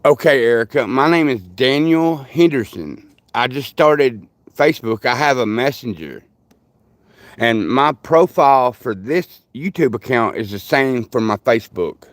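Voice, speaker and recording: A man's voice: medium pitch, lively intonation, unhurried, no echo. An older man, rambling through folksy stories while chatting with viewers on a livestream. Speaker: livestream host. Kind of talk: casual live chat with viewers.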